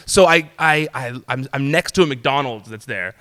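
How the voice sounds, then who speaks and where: A man, a guest in an interview, telling a story in an animated, casual way, laughing often and saying "like" a lot. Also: fairly high pitch, moderate pace. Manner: animated, laughs often while telling stories, peppers talk with "like". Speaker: interview guest, news reporter. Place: talk show studio set.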